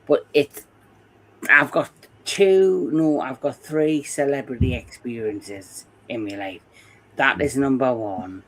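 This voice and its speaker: Slow-talking Geordie man telling stories. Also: mid-range voice, low-quality recording. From England. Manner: rambling anecdotal storyteller, laughs often. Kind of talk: casual chat.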